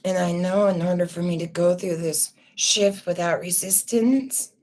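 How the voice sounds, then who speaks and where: A woman's voice: on the low side, a little mellow. A woman host talking raw and tearful in a personal vlog, swearing and stumbling over her words as she vents. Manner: raw, distressed, swearing, halting restarts. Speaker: channel host.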